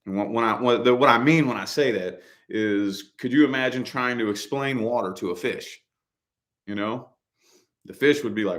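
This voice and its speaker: A middle-aged man in easy conversation with a voice of ordinary pitch. He rambles and circles back on his points, peppering his speech with casual slang. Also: moderate pace, a bit bright. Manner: loose, repetitive, slangy, says dude and man. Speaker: podcast co-host. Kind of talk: casual chat.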